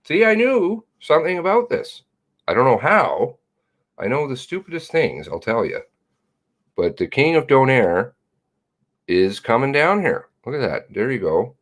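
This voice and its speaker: A man live streams at an unhurried pace, his medium-pitched voice swinging widely in pitch. He chats casually and reads viewer comments aloud, rambling and mocking himself as he jumps between laughs and mutters.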